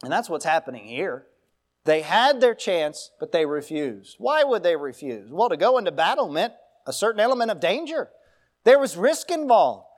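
Pastor, male, higher voice, church sermon with homespun asides. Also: very animated, moderate pace. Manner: preaching with folksy asides and storytelling.

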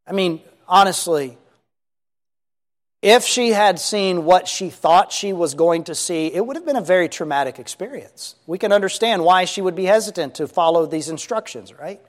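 A man's voice: sits high, animated, normal speed, big-room sound. A man preaching a sermon, earnest and emphatic, repeating his key points.

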